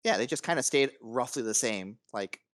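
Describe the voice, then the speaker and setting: A man's voice: medium pitch, expressive, fairly bright tone, no room sound. Guy on a podcast, talks in stops and starts, lots of um and like, swears, dry close sound. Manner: halting, lots of fillers and restarts, swears. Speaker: podcast co-host. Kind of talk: casual podcast chat.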